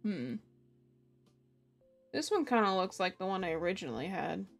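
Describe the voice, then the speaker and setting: A woman's voice: fairly low pitch, very animated, normal speed, creaky, faint music behind. A young woman streamer chatting casually with her viewers, giggling and laughing often. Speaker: game streamer. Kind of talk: casual live-stream chat.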